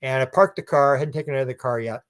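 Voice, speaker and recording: A man as an interview guest, telling a long story in an animated, rambling way and acting out what people said. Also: mid-range voice, fast. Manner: animated, rambling, acts out quoted speech. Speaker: guest researcher.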